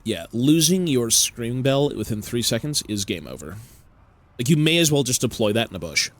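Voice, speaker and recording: A man streaming, giving relaxed, offhand commentary on a game with casual fillers. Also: mid-range voice, normal speed.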